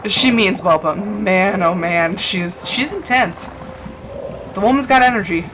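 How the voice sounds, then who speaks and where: A woman's voice: mid-range voice, a little slow. A young woman streaming a game, chatting and telling stories casually and laughing often. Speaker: live streamer. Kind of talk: casual chat while gaming. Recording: background noise.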